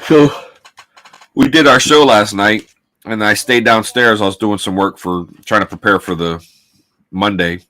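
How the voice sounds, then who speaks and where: A man's voice: on the low side, a little slow, pauses often, pushed and bright. A man co-hosting a sports podcast, giving casual, tired, laid-back commentary while watching a live game.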